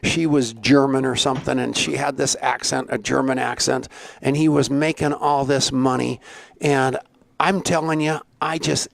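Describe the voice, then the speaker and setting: Gravelly-voiced man hosting a live show. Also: medium pitch, moderate pace, no echo. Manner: energetic, rambling, shouts out viewers by name. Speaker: show host. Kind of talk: live online show chat.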